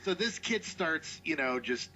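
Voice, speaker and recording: A man telling a long anecdote on a casual podcast, animated and profane, acting out what people said. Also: on the high side, a little slow, lo-fi sound. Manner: animated, profane, acts out quotes. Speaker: podcast co-host. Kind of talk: casual storytelling.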